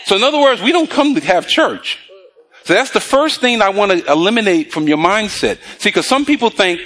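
A male preacher delivering a morning sermon, his voice pitched high and swinging widely as he talks. He keeps throwing questions back to the congregation for them to answer. He stretches out the scripture he reads aloud. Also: lively intonation, fairly bright tone. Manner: call-and-response questions to the congregation; drawn-out scripture reading.

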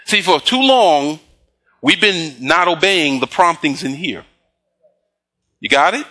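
A man preaching a sermon, reading scripture slowly and pausing to prompt the congregation with call-and-response questions. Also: fairly high pitch, lively intonation, bright, forceful tone. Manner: slow emphatic scripture reading. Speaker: pastor.

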